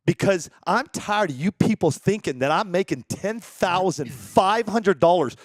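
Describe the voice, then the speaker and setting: A man's voice: high-pitched, animated, unhurried, no echo. A man hosting a live-stream talk show from a studio, ranting heatedly and swearing. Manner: heated, profane rant. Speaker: show host.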